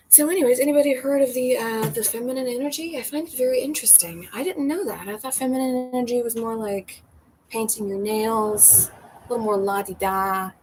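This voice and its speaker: A bartender and comedian hosts a livestream, chatting casually with viewers, laughing often and swearing freely. Her voice is on the high side, with background noise in the recording.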